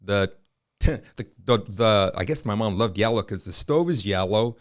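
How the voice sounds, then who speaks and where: Unhurried and lowish in voice, a man in his fifties recounts anecdotes as a guest on a podcast. The realtor's storytelling is lively and colloquial, with frequent filler words.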